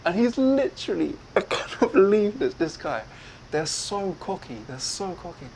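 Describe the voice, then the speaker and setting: A man's voice: high voice, big pitch swings, normal speed, creaky, a little mellow, slight background noise, low-quality recording. A man telling a personal story in a casual way. He acts out other people's lines as he goes. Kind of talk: casual retelling.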